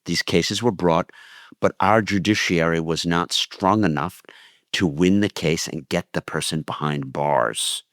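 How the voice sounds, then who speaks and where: A man's voice: low-pitched, measured pace, fairly bright tone, no room sound, clean studio sound. A man co-hosting a political podcast, arguing with passion and emphasis. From United States. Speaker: podcast co-host.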